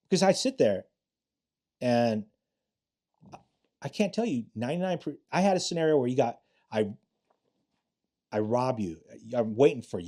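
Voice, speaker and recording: This man, a retired police officer in his late fifties, has a mid-range voice with a dark tone. In a casual interview he tells blunt, profane stories and acts out the quotes.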